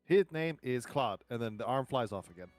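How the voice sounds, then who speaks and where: A man playing in a tabletop game, making dry quick remarks in casual chat. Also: mid-range voice, animated, soft background music. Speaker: player.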